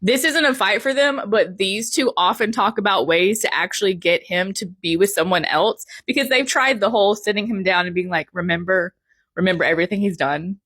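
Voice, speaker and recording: A woman's voice: medium pitch, moderate pace, hardly any pauses, a bit bright. A young woman with a mid-range voice giving an emphatic, playful commentary to camera. She leans into big exaggerations. The sound is dry, with no room echo. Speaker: vlogger.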